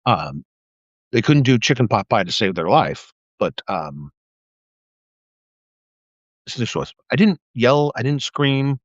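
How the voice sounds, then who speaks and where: A middle-aged man hosts a casual livestream monologue, telling stories and jumping into exaggerated voices for the people he quotes. His voice sits at an ordinary pitch. The recording is dry and a little dull, with a lo-fi edge. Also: slow, pauses often, no echo. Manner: animated storytelling, acts out quotes in a raised voice. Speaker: live stream host. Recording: slightly dull lo-fi sound.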